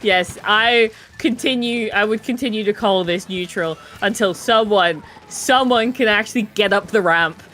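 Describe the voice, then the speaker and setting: A woman's voice: mid-range voice, moderate pace, hardly any pauses, fairly bright tone, a little hiss or hum. A woman giving color commentary on an online video game tournament, chatty and musing, laughing often. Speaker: esports co-commentator.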